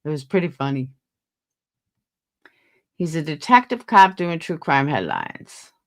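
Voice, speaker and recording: A woman hosts a casual livestream, chatting with live viewers while tired and yawning. She gossips and reads out viewers' names to greet them. Her voice is low-pitched and unhurried, with big pitch swings.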